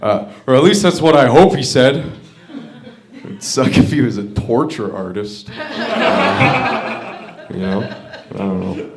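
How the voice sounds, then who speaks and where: A man's voice: mid-range voice, very animated, slow, heavy background noise. A man doing a stand-up set at an open mic, delivering one-liners with lots of hesitation and repeated words. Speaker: stand-up comedian.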